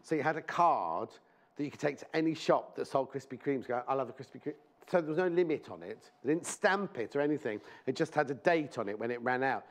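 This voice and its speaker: A man's voice: mid-range voice, lively intonation, brisk. A man presenting a live shopping show in a TV studio, chatting in rambling anecdotes and speaking fondly to viewers.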